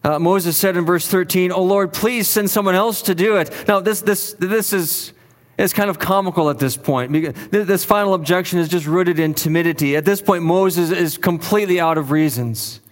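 A man's voice: high voice, normal speed, long reverb tail. A male pastor preaching a sermon in an earnest, emphatic way, leaning on repeated phrases for weight.

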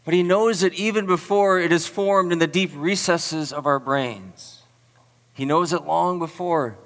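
Speaking on the high side with a slightly bright tone, a pastor chats through a self-deprecating sermon and quizzes his live audience with word questions. The church hall gives a long, large-room reverb.

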